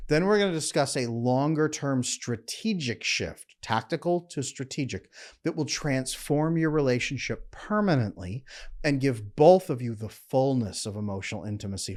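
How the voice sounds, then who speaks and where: A man who is a relationship coach, giving an earnest, emphatic instructional monologue that slows down at times to demonstrate calm. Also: medium pitch.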